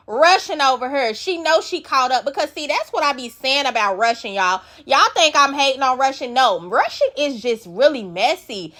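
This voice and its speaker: A woman's voice: sits high, fairly bright tone. A woman recapping a reality show, blunt, profane and opinionated. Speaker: recap vlogger.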